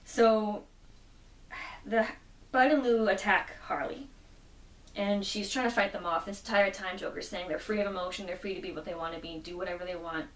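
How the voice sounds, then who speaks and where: A woman's voice: mid-range voice, normal speed. A woman casually recapping a comic book story, quoting the characters as she goes. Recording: roomy echo, mic at a distance.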